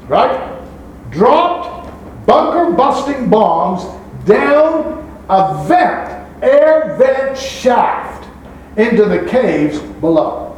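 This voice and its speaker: A man's voice: high-pitched, darkish tone, rough recording. A man pastor preaching a sermon, reading scripture aloud and asking the congregation rhetorical questions.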